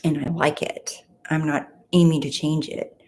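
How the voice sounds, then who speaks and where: A chatty woman hosts a casual livestream from home, reading viewer comments aloud and reacting to each one. Her voice sits a little low and carries a gravelly, creaky edge. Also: level tone, measured pace, mellow. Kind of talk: casual live chat.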